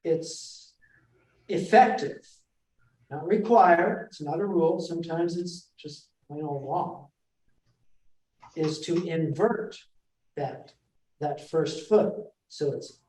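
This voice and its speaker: A man teaches a casual class in a roomy space, his voice mellow and captured from across the room. He talks slowly, breaking off and restarting often. Now and then he reads out lines of verse. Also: fairly high pitch, far from the mic. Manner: halting, with many fillers and restarts, reads verse aloud. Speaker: presenter of a Shakespeare class. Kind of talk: informal classroom lecture. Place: library meeting room. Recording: echoey room, voice picked up from afar.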